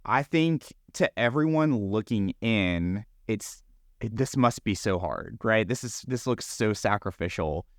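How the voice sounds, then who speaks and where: A man's voice: lowish voice, animated, unhurried, no echo, studio quality. A middle-aged man, a ministry founder, telling his faith story earnestly and reflectively in a church interview, often restarting his sentences.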